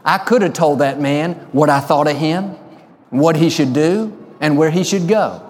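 A man preaching a sermon, telling stories and slowing down to stress key lines. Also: fairly high pitch, darkish tone, big-room sound. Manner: storytelling, slows for emphasis. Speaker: pastor.

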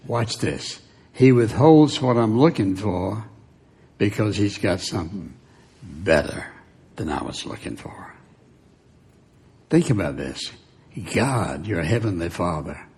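Older male pastor preaching softly. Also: mid-range voice, breathy edge. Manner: conversational preaching, drops to a near whisper at key points. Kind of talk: sermon.

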